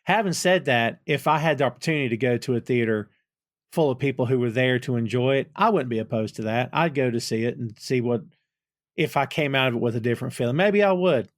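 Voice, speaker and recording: A man's voice: mid-range voice, fast talker, dry recording, clean studio sound. A man hosting a podcast, chatting casually about a film with enthusiasm, laughing often. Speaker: podcast host. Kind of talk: casual film review chat.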